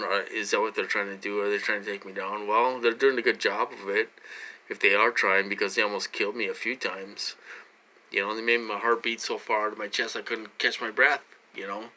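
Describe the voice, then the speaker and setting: A man's voice: lowish voice, bright, forceful tone. A man talking straight to his vlog audience from his own room, rambling and repeating himself with lots of fillers. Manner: rambling and repetitive, heavy with fillers. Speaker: vlogger. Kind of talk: casual vlog monologue.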